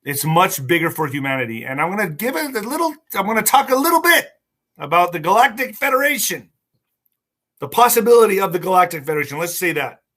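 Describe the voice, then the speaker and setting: Excitable man ranting on a livestream. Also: sits high, fast talker. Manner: excitable, mocking, rambling asides. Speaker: livestream host. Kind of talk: rambling political livestream.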